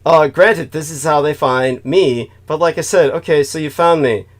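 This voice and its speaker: Guy hosting a show, kinda high-pitched, goes off on profane tangents and laughs at his own jokes. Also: moderate pace. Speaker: host. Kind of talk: casual rambling monologue.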